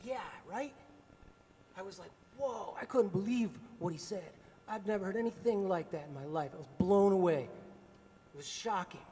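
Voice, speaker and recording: Man from Appalachia, musician, loose chuckling storyteller; high voice, in a reverberant space. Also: normal speed, dark tone, slight background noise. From American South, Appalachia. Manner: casual, chuckling often, many filler words. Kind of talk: storytelling monologue. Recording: long reverb with faint music.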